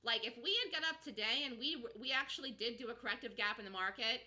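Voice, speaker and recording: Emphatic, bright-voiced woman trading host. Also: a little high, quick pace. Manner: emphatic, rambling, repeats herself; reads and answers viewer chat. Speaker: stock trading show host. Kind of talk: live market commentary.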